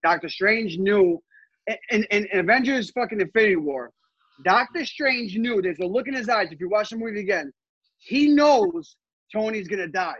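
A man co-hosting a podcast in casual, excitable chat, swearing often and laughing a lot. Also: high-pitched, moderate pace, breathy edge, no room sound, dull audio. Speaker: podcast co-host.

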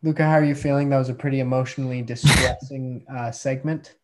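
A man hosting a comedy podcast, calmly placating his co-host. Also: medium pitch, fast. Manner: calm, placating.

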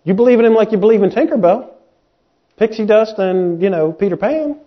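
In a folksy, animated sermon, a man with a high, light voice moves between plain talk and quick impressions of doubters. The audio is dull and lo-fi, much like a podcast recorded at home.

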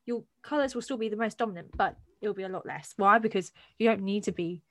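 A woman co-hosting a podcast in casual chat, animated and blunt, swearing and asking rhetorical questions. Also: mid-range voice, fast talker, no echo, studio quality. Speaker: podcast co-host.

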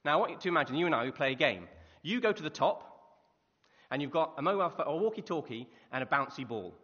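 A man delivers a quick-paced sermon in a church hall, his high voice carrying a breathy edge as he tells lively stories and asks rhetorical questions. The recording is muffled and reverberant.

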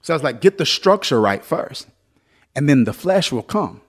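A man preaching a sermon as pastor, swinging between loud, lively exhortation and softer storytelling. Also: on the high side, moderate pace, breathy edge.

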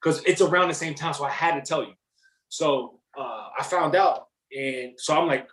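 A young man telling a story in casual chat, animated and slangy, swearing freely. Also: fairly high pitch, moderate pace, roomy sound.

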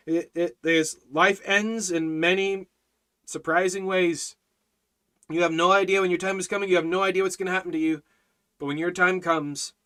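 Lively, bright-voiced male preacher. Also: high-pitched, moderate pace. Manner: lively, animated, urgent. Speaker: Bible teacher. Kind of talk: evangelistic preaching and live-stream Bible study.

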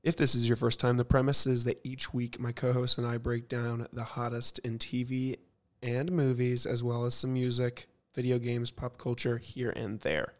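A young man hosting a podcast, talking low and hushed late at night and reading an ad. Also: flat delivery, normal speed, hardly any pauses. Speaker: podcast host. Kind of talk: casual podcast chat and ad read.

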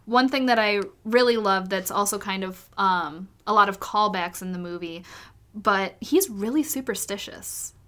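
A woman's voice: medium pitch, moderate pace, bright, forceful tone. A woman co-hosting a casual chat, enthusiastically agreeing and adding her favorite moments. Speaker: podcast co-host.

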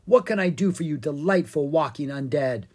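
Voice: mid-range voice, animated, normal speed, a little mellow. A reader voicing a chatty, sly old witch in a children's storybook, talking in a sing-song way.

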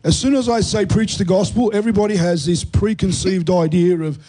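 Host, NY-man, slightly high but dark, mellow voice, earnest explainer. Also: fairly even intonation, fairly quick, rough recording. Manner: earnest teaching tone with fillers. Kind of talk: Christian talk show discussion.

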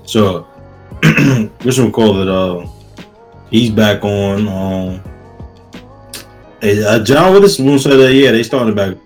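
A man's voice: fairly low pitch, expressive, takes it slowly, long pauses, faint music behind. A man co-hosting a podcast in casual chat, slangy and profane, rambling with lots of fillers and restarts. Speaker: podcast co-host.

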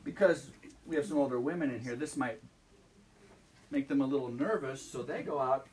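A man's voice: mid-range voice, normal speed, darkish tone, recorded from a distance. A man preaching a sermon in a church as pastor, talking conversationally and asking the congregation questions. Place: church sanctuary.

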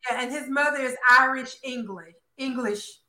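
High, bright-voiced gossipy woman. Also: moderate pace. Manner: animated, gossipy, keeps calling listeners honey and girl. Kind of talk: casual chat. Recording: roomy echo.

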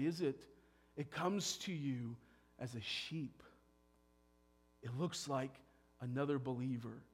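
A man preaching a sermon as pastor, moving from hushed, quiet points to loud, emphatic declarations. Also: mid-range voice.

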